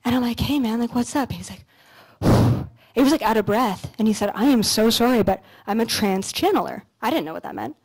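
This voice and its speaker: A young woman from Canada giving a motivational talk on a conference stage, telling stories in a casual, animated way with some swearing. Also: fairly high pitch, a little fast, slightly rough, poor audio. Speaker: conference speaker. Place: lecture stage at an expo.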